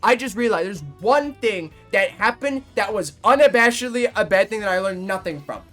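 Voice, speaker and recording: A man of about nineteen, a livestreamer chatting casually with his viewers, rambling and swearing, quick to fake outrage. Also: high voice, lively intonation, sharp tone, soft background music.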